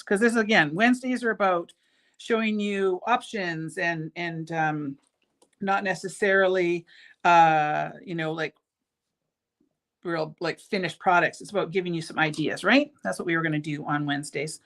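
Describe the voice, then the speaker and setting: A woman's voice: lowish voice, normal speed, a bit bright. A woman hosting a casual live-stream bead show from her jewelry shop. She talks in a chatty, rambling way, full of ums and restarts, and sounds keen on the beads. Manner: enthusiastic about the beads. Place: jewelry shop studio, indoors.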